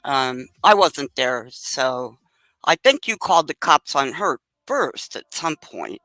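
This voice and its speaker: Woman caller, really slow, bright tense voice. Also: extremely low pitch, animated, no echo, poor audio. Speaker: caller on a livestream. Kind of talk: casual call-in chat.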